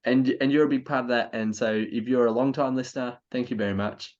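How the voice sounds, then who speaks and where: A man's voice: mid-range voice, steady tone, quick pace, darkish tone. Tipsy, giggly Australian man. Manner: giggly, gushing enthusiasm. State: tipsy from beer. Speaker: podcast co-host. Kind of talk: casual football podcast chat. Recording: slightly muffled, lo-fi recording.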